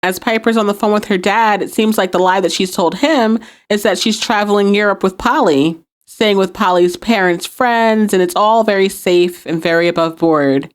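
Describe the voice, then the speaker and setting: A woman's voice: medium pitch, moderate pace, few pauses. A woman hosting a podcast, recapping and reviewing a TV episode and acting out quoted lines. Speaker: podcast host.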